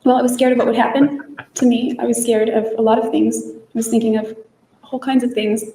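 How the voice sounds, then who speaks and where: A woman testifying on the stand in a courtroom, speaking slowly and hesitantly in a subdued way. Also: a little high, level tone, dark tone. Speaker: trial defendant testifying. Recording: roomy courtroom audio from far off.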